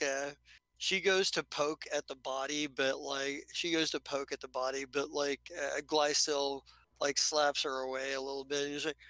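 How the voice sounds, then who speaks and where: A man runs a tabletop game, his narration halting and full of restarts. His voice sits a little high and bright, and the sound is dry and close. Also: dry recording, low-quality recording. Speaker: game master.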